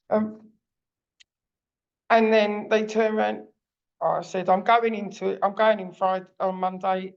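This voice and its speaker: A woman's voice: medium pitch, vocal fry, darkish tone, dull audio. A woman working as a parent advocate, telling a personal story in a blunt, plain-spoken way.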